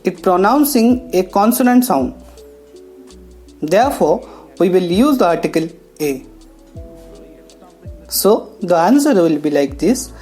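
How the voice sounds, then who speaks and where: A woman teaches a grammar lesson in a slow, explanatory way. Her voice sits on the low side and sounds warm and mellow. Light music plays quietly underneath. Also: animated. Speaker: English teacher. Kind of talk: classroom lesson narration. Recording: faint background music.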